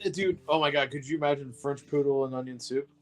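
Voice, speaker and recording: A man's voice: mid-range voice, level tone, fast. Joking, foul-mouthed podcast co-host man. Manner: profane, joking, laughs often. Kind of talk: casual chat.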